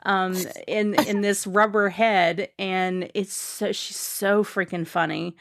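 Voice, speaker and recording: A woman's voice: mid-range voice, fairly even intonation, slow pace, creaky. A woman guest on a podcast, chatting casually and enthusiastically, rambling with lots of fillers and restarts.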